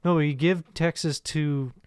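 A man's voice: fairly high pitch, fairly even intonation, moderate pace, a little mellow, clean tone, dry recording, studio quality. A man co-hosting a casual comedy podcast, rambling and profane, often laughing through his own stories. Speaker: podcast co-host.

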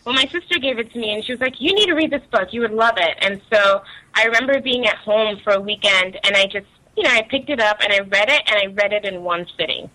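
A woman's voice: medium pitch, fast talker, pushed and bright, rough recording. A young woman from Nigeria, chatting casually as an interview guest, laughing often and using many fillers.

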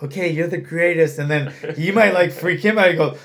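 A man's voice: fairly high pitch, brisk, a bit bright. A man who runs a fight gym and coaches fighters, talking bluntly and swearing freely in casual chat.

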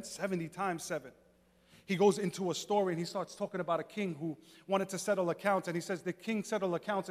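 A male pastor preaching a sermon, moving from quiet talk to fervent shouting. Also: high voice, big-room sound. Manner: builds from quiet to shouting fervor.

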